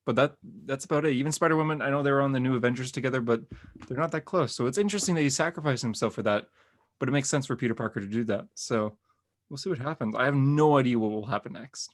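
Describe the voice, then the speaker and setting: A man hosting a podcast, chatting casually and excitedly about comic books, rambling with lots of filler words. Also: medium pitch, fast. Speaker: podcast host. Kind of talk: casual comic book review chat.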